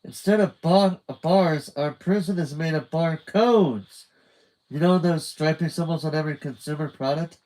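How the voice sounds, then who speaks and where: A man's voice: a little high, fairly even intonation, fast talker, hardly any pauses, a little mellow, voice pushed up, lightly acted, low-quality recording. A man voicing an emphatic, indignant young spy girl. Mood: excited. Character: bossy spy-kid girl, quick and dramatic.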